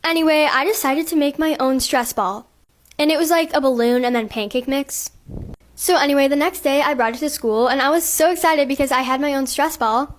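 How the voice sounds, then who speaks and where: A woman's voice: sits high, fairly quick. A woman telling an embarrassing school storytime in a bubbly way. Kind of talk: storytime narration.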